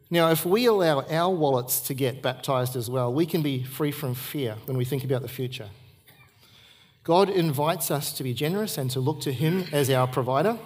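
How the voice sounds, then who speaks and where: Slightly rough and medium in pitch, the voice belongs to a middle-aged man preaching at church. His sermon unfolds as sincere storytelling, with key ideas said again and again for emphasis.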